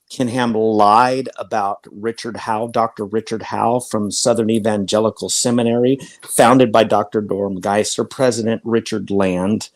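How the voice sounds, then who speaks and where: A man who has been a pastor for thirty years, talking heatedly and indignantly in a debate, cutting in and ranting. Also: mid-range voice.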